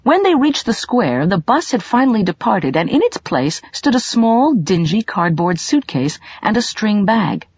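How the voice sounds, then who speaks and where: A woman narrating a mystery audiobook in an expressive, storytelling manner. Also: mid-range voice, a little slow, few pauses, breathy edge, dry recording, muffled recording.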